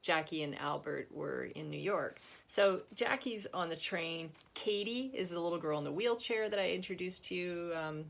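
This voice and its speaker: A woman's voice: fairly low pitch, normal speed, gravelly, hardly any pauses. A woman author chatting casually about her book and reading from it. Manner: chatty, laughs often, restarts.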